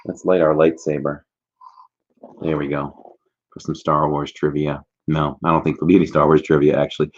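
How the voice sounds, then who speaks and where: A middle-aged man hosting a casual livestream from a warm room at home, chatty and greeting viewers by name. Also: extremely low pitch, little pitch movement, normal speed. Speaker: livestream host. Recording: slightly dull lo-fi stream audio.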